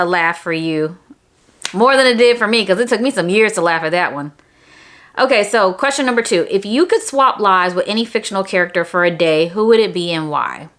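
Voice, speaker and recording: A woman vlogger telling a story to camera in a casual, animated way, jumping up high when she quotes herself. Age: adult.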